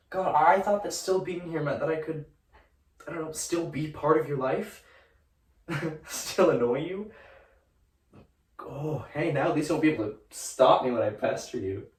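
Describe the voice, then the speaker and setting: A young man acting out a tender young ghost who pleads softly and haltingly with the sister he left behind. His slightly high voice carries slowly across a roomy stage from a distance, with music underneath. It is a student musical theatre performance. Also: natural voice. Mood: grieving. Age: young adult. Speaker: student actor.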